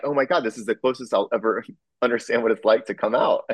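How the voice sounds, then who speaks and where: A man telling a personal story in a halting way, full of fillers, restarts and small chuckles. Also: mid-range voice, no echo.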